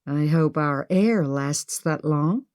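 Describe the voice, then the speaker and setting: A woman voicing a sharp-tongued, pessimistic young woman who snaps and speaks with sarcasm, in an audiobook. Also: sits low, takes it slowly, dry recording, clean studio sound. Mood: sarcastic. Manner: sarcastic, snappish.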